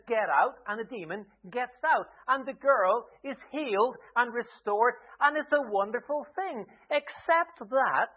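A man preaching a sermon, retelling a story in a lively way with humorous asides. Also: high voice. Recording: tinny phone-like lo-fi sound.

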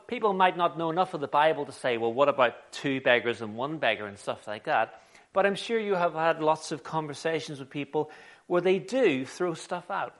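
A man preaching a sermon in an animated, conversational storytelling way. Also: fairly high pitch.

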